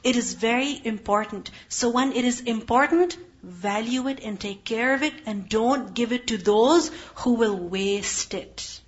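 A woman leads a religious lesson on the Quran, speaking a little slowly with few pauses in a higher register. She unpacks Arabic terms and asks her class rhetorical questions, captured on a dull lo-fi recording.

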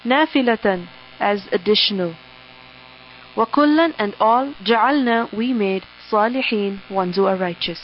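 A woman teaches a word-by-word translation of the Quran, reading each word and following it with its English meaning in short, measured phrases. Her pitch sits in an ordinary middle range. The recording is dull and muffled, with a faint mains hum underneath.

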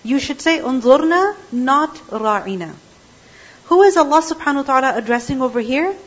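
A woman's voice: high-pitched, animated, fast talker, muffled recording. A woman teaching a Quran class, explaining verses and checking in with her students with frequent questions.

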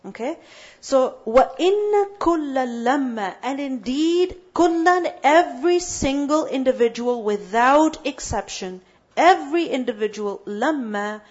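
A woman's voice: high-pitched, animated, unhurried, a little mellow, lo-fi sound. A woman teaching a Quran lesson. She poses questions and answers them herself, and she builds emphasis through repetition.

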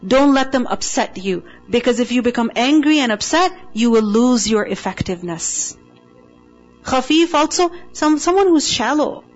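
A woman's voice: fairly high pitch, expressive, moderate pace, dull audio, soft background music. A woman teaching the meaning of a Quranic word to a class, speaking emphatically and checking in with rhetorical questions.

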